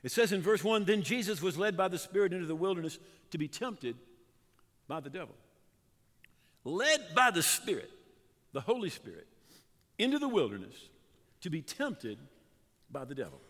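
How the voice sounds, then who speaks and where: A man preaching a sermon as pastor, fervent, with dramatic pauses and emphatic builds. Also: high-pitched, big pitch swings, in a large hall.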